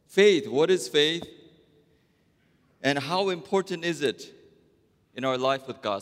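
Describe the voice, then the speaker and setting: A male pastor preaching a sermon, telling a story at an unhurried pace with wide swings in loudness. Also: on the high side, big-room sound.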